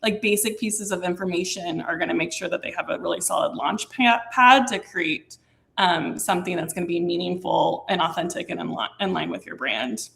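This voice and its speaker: A woman's voice: lowish voice, a little fast, vocal fry, fairly bright tone. A woman moderating a webinar panel from the hotel side, conversational and asking open questions over a video call.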